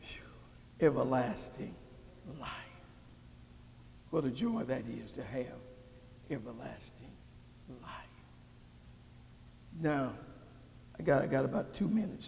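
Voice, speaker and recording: A man preaching a sermon as pastor, calling out questions to the congregation and building to shouts. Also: mid-range voice, creaky, a little hiss or hum. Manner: call-and-response preaching, rising to shouts. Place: church sanctuary. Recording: long hall reverb.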